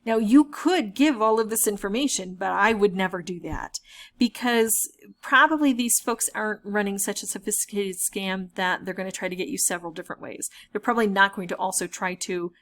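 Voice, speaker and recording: A woman's voice: medium pitch, brisk, fairly bright tone. Wry, amused woman narrating. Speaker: gaming video creator. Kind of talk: playful commentary reading chat messages aloud.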